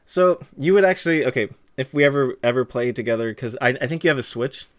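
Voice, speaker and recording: A man hosting a relaxed livestream interview, talking in a loose, chatty way. He laughs easily and breaks off to read out viewer messages. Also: mid-range voice, fast. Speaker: streamer and interviewer. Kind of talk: casual livestream chat.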